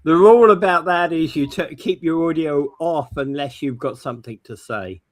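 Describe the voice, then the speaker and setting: A man's voice: fairly high pitch, normal speed. A man co-hosting a morning talk show, explaining technology in a casual, informative way. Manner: explanatory, tech-minded. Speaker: co-host. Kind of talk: casual chat.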